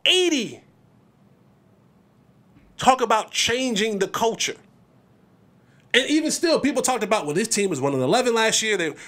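A man hosting a sports podcast, talking in an animated, emphatic way, repeating words as he builds his points. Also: high-pitched. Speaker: podcast host.

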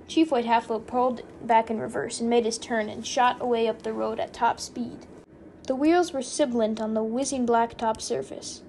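Woman, audiobook narration, steady delivery, faint hiss behind. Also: fairly high pitch, normal speed.

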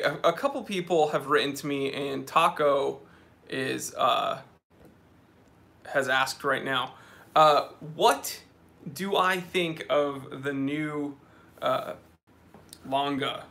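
A man's voice: mid-range voice, vocal fry, pushed and bright. A man hosting a casual live stream from an office, reading out viewer names and comments in a chatty, joking way.

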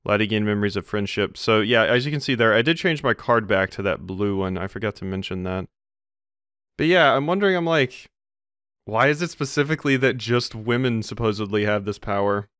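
A man's voice: fairly low pitch, animated, brisk, a bit bright, smooth, no echo, studio quality. A man giving casual let's play commentary, musing and reading game text aloud. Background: game music.

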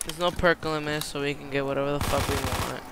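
A man giving profane, excitable commentary over a video game, slipping into Spanish slang, on a cheap headset mic. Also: on the high side, brisk, background noise. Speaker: gamer. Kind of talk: gameplay commentary.

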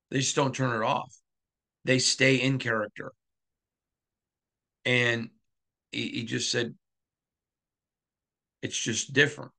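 Gravelly, emphatic sports podcast man. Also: medium pitch, bright, forceful tone. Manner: emphatic, repeats lines for effect. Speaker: podcast host. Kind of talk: opinionated sports podcast monologue.

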